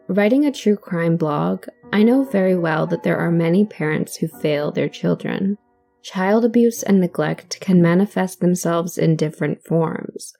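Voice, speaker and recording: A woman's voice: lowish voice, creaky, dark tone. A woman with a cold and a nasal voice, guest hosting a true crime podcast in scripted narration.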